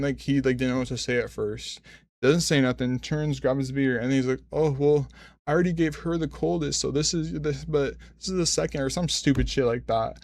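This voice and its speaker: Gravelly, profane man in his twenties. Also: mid-range voice, a little mellow, dry recording, studio quality. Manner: rambling, profane, self-correcting. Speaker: streamer. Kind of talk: casual storytelling chat.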